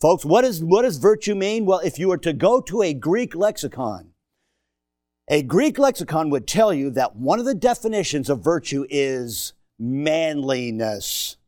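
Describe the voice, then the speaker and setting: A middle-aged man preaching a sermon in a church, swinging from shouted emphasis to hushed asides and joking with the congregation. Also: a little high, no room sound, studio quality. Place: church sanctuary.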